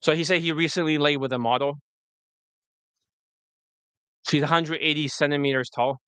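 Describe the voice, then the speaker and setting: A man's voice: fairly high pitch, steady tone, moderate pace, fairly bright tone, smooth, no room sound. A man working as a dating coach, talking loosely and profanely through a screen recording, full of fillers. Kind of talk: casual commentary over a screen recording.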